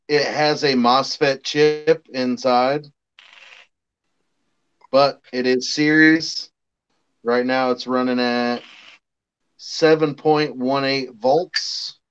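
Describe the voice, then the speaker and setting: Slow, patient man explaining gear. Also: mid-range voice, fairly bright tone. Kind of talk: casual chat. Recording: dull lo-fi recording.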